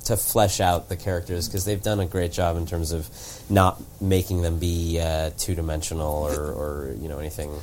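A young man guesting on a podcast, talking casually with halting restarts and frequent agreement. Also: deep voice, flat delivery, darkish tone, a little hiss or hum. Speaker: guest actor. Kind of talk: casual interview chat.

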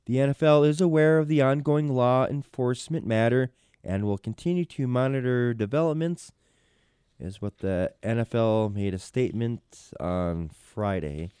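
Mellow-voiced man rambling through news. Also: medium pitch, normal speed, clean tone, dry recording, clean studio sound. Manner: rambling, hesitant, reads news then comments. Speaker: podcast host. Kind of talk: casual news commentary.

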